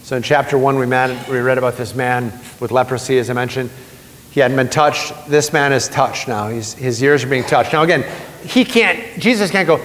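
A man's voice: on the high side, normal speed, fairly bright tone. A male pastor giving a conversational sermon to a seated congregation, repeating key phrases for emphasis. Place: church sanctuary with seated congregation. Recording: long church reverb.

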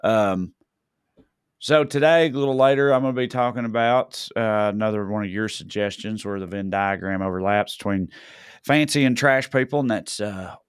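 A man co-hosts a podcast with a low, smooth voice, recorded close and dry. He chats casually and rambles with plenty of fillers and restarts. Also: moderate pace, no room sound. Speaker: podcast co-host. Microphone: remote recording, podcast mic.

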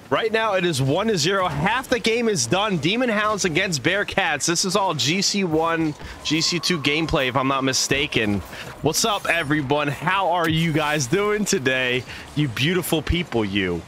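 A man's voice: fairly high pitch, animated, moderate pace, bright, forceful tone, a little hiss or hum. A young man casting a video game match live, playful and full of made-up silly words, chatting with his viewers between plays. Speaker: esports caster and streamer.

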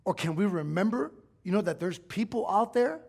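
Gravelly-voiced man preaching a heartfelt testimony. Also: high-pitched, animated, moderate pace. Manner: emotional, confessional storytelling that swells to shouting. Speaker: pastor. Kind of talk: sermon testimony. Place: church sanctuary.

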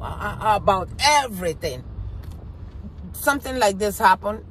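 A woman's voice: medium pitch, animated, measured pace, a bit bright, slight background noise. A woman giving an impassioned reaction commentary, emphatic and repeating her points. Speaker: vlogger.

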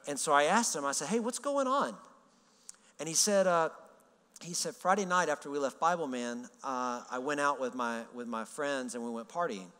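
A man's voice: medium pitch, fairly quick, bright, forceful tone, clean tone. A male pastor telling a story in a sermon, casual and humorous, acting out the dialogue he quotes. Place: large church hall. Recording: reverberant church hall.

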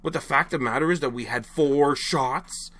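A man's voice: medium pitch, moderate pace, a bit bright, no room sound. A young man ranting casually to camera as a frustrated hockey fan, rambling and exasperated, apologizing after his outbursts.

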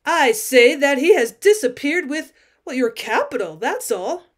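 A woman reading the part of a concerned male cousin, a calm office clerk who asks short questions. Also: high-pitched, measured pace.

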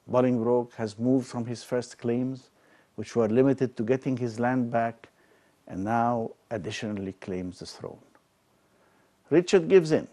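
A man giving a scripted literary talk as a lecturer on Shakespeare, with a slow, measured and emphatic delivery. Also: medium pitch, darkish tone.

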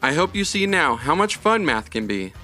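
Mister Minus, a bright-toned math ruler, as a man reads him. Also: fairly high pitch, very animated, moderate pace, faint music behind, pitched above the performer's own voice, heavily acted. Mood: pleased. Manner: annoyed, then warmly pleased. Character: grumpy lonely math-world ruler, man.

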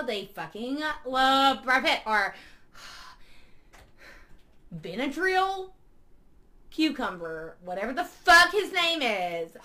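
A woman playing a crude, excitable female superfan who swears constantly and talks dramatically. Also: high-pitched, exaggerated voice. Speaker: fan club member. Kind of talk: comedy sketch acting.

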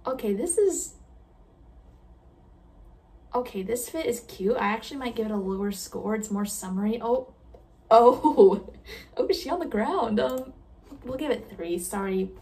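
A woman chatting casually while playing a game, self-deprecating and quick to giggle at her own mistakes. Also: a little high, lively intonation, a little mellow, distant mic. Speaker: gamer reacting to a game. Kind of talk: casual gameplay commentary.

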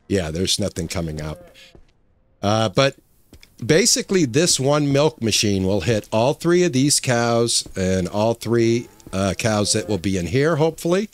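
A man hosting his own channel, talking casually over his gameplay, rambling with many fillers and restarts. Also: mid-range voice. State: emotional, choked up. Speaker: gaming channel host.

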